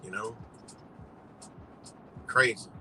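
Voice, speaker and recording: A man's voice: lowish voice, steady tone, drawn-out words, bright, forceful tone, faint music behind, rough recording. A man ranting on a livestream in slangy, profane speech, full of "you know" fillers and emphatic repetition. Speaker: livestream host. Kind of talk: unscripted livestream rant.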